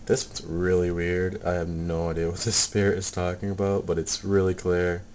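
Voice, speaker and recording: Low deep-voiced guy mumbling thru his clips, lots of ums, bit of faint hiss behind. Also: monotone, normal speed, a little mellow. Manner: hesitant, many ums and restarts. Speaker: paranormal hobbyist playing back recordings. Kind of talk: casual video commentary.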